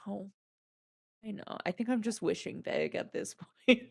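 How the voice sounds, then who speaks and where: A woman co-hosting a livestream in casual chat, blunt and swearing freely as she tells animated stories. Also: mid-range voice, normal speed, gravelly, breathy edge. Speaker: livestream co-host.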